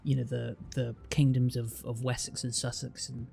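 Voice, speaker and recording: This streamer from Bristol, England, speaks in a rhotic West Country accent as he chats idly and inquisitively with a guest, wandering off with fillers and false starts. He has a mellow, flat, medium-pitched voice with vocal fry at a moderate pace, and faint music plays behind him.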